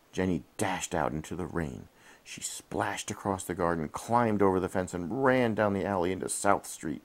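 Gravelly dad reading a bedtime story. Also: male voice, deep voice, expressive, normal speed. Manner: gentle, asks the child questions. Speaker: father reading to his child. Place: in bed at home. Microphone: head-mounted camera.

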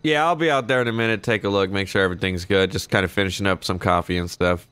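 A man's voice: deep voice, fairly even intonation, fast talker, fairly bright tone, clean tone, no room sound. A young man playing a shop clerk in an online roleplay game, chatting casually, swearing now and then and drawling out his action emotes. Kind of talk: casual gameplay commentary and in-character chat.

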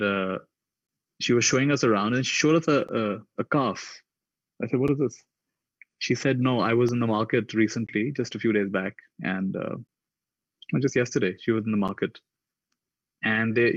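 A man speaking at a conference, telling reflective stories and raising his pitch to act out the people in them. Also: no room sound, highs cut off. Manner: acts out the voices in his stories with raised pitch. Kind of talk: reflective storytelling talk.

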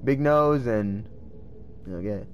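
A man giving casual gameplay commentary, excitable and swearing as he talks to himself. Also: mid-range voice, slow pace, dull audio. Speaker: let's play gamer.

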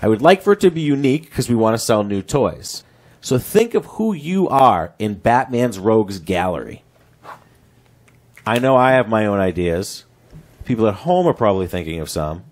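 A man hosting a comedy game show in a mock-official, deadpan manner. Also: fairly low pitch, moderate pace.

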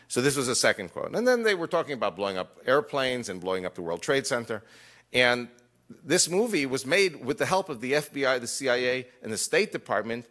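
A man's voice: mid-range voice, big pitch swings, brisk, a bit bright. A man speaking to a live audience, telling personal stories with jokey asides and acting out quoted dialogue. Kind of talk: lecture storytelling.

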